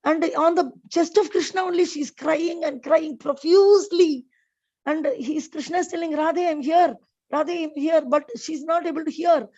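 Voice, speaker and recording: A woman's voice: high voice, a little mellow, muffled recording. A woman giving a devotional scripture class, telling stories with many fillers and restarts. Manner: storytelling with frequent fillers and restarts.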